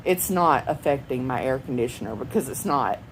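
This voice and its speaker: A woman's voice: very deep voice, lively intonation, a little fast, a little hiss or hum, rough recording. A woman, rambling chattily and laughing often in a personal home vlog. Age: 40s. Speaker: vlogger. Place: at home indoors.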